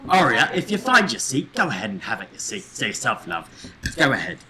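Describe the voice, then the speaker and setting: A man's voice: mid-range voice, wildly swooping pitch, fairly quick, bright, forceful tone, slight background noise. A man hosting a livestream in an improvised role as a feast host, theatrical and crude, swearing freely and calling people love and mate. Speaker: livestream host playing a wedding host.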